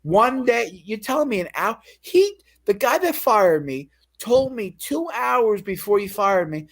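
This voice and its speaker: Man ranting on a livestream, profane, acts out quoted voices, pitch swinging up and down. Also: sing-song, measured pace, hardly any pauses, fairly bright tone. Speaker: fired store cashier telling his story.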